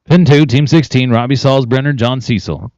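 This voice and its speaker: A man's voice: medium pitch, moderate pace, a little mellow, no echo, muffled recording. A man announcing a team penning competition, calling out teams, times and cattle numbers. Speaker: arena announcer. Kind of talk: live event announcing.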